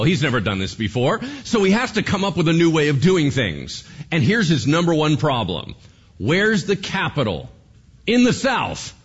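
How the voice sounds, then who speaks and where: A man preaching a sermon as a pastor, animated and firing rhetorical questions at the congregation. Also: a little high, husky, highs cut off.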